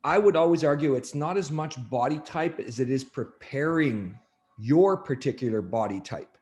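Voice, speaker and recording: A man, an athletic coach, talking on a podcast, telling stories in a lively way full of fillers and restarts. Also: fairly high pitch, normal speed. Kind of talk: podcast conversation.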